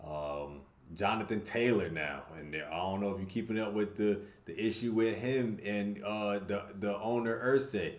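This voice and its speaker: Co-host, male, low voice, blunt and profane, roomy echo on the track. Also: normal speed, few pauses. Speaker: podcast co-host. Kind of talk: casual sports chat.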